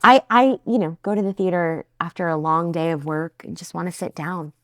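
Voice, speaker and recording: A woman's voice: on the low side, brisk, no echo, clean studio sound. A woman from New Jersey co-hosting a casual podcast chat, enthusiastic and chatty with frequent fillers. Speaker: co-host.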